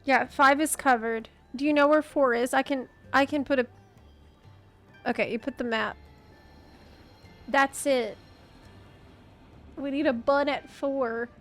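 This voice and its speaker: A woman chats casually with her teammates during a game stream. Her voice sits high and she speaks at a relaxed, slow pace. She is playful and giggles often. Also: faint music behind. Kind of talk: casual chat while gaming.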